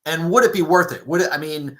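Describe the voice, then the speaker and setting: A man hosting a live mortgage show, talking casually, with halting restarts and questions put to his co-host. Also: on the high side. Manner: hesitant, repeats words, asks questions.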